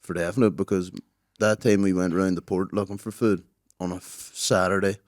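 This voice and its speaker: Dry, low-voiced man. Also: little pitch movement, a little fast, dry recording. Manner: dry teasing, recounting stories. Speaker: podcast co-host. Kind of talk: casual chat.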